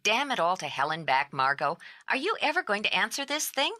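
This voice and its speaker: A woman voicing an exhausted, sharp-tongued woman on the phone who has not slept, talking in a blunt, clipped way. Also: medium pitch, very animated, a little fast, dry recording, voice pushed up. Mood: exasperated. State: strung out from no sleep.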